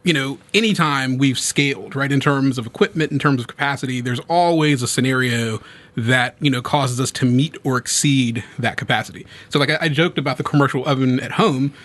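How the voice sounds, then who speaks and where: A man's voice: mid-range voice, fairly quick, fairly bright tone. A man who co-owns a bakery, chatting as a podcast guest in a joking, wry way. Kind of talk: casual chat.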